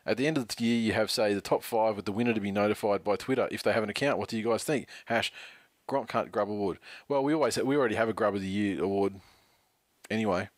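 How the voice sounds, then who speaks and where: Australian male podcast co-host, low voice, dry banter, close dry sound. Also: fast talker, no echo. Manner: dry, reads tweets aloud with laughs and swearing. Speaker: podcast co-host reading listener messages. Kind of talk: casual sports podcast banter.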